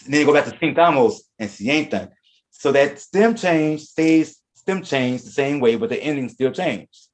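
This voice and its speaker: A man's voice: fairly high pitch, lively intonation, moderate pace. A man teaching a Spanish class, explaining verb forms and often repeating and restarting his words. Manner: reads out verb conjugations one by one. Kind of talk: classroom lesson.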